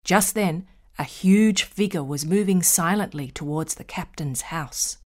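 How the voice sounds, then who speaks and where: Slow, plain female textbook announcer. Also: lowish voice. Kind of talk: scripted narration.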